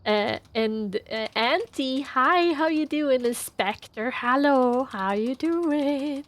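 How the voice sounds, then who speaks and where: Woman streamer greeting her chat, playful and giggly, voice a touch high. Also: slow pace. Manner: playful, laughs often, greets chatters by name. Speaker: livestreamer. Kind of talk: casual chat with stream viewers.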